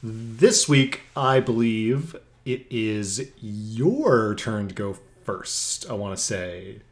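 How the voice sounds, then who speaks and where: A man's voice: on the low side, expressive, very slow. A man co-hosting a comedy podcast, chatting casually and laughing easily. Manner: giggly, breaks into laughter easily. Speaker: podcast co-host.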